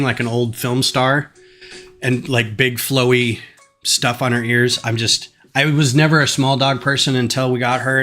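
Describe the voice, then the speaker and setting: Guy rambling on his home livestream, lots of ums, mid-pitched voice, soft music playing. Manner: rambling, chatty, many fillers. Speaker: live stream host building a model kit. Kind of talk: casual live stream chat. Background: faint music.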